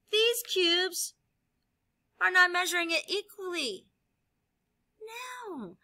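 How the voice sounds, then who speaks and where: A woman teacher explaining a lesson while she demonstrates with objects, upbeat and clear. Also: very high voice, lively intonation, takes it slowly, long pauses, pushed and bright. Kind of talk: classroom video lesson.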